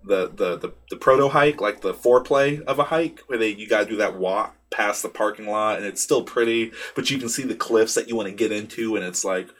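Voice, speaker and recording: A man's voice: fairly low pitch, brisk, hardly any pauses, fairly bright tone. A young man hosting a podcast, telling a rambling, candid story in a casual monologue and swearing freely. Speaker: podcast host.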